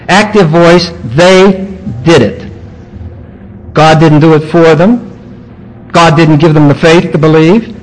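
A male preacher giving an expository sermon, teaching word by word with emphatic pauses. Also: fairly high pitch, low-quality recording. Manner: teacherly, explaining grammar point by point with emphatic pauses.

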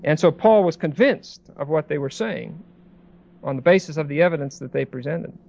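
A man preaching a Bible sermon in a conversational way, with many pauses and restarts, as a pastor. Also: a little high, lively intonation, creaky, darkish tone, muffled recording.

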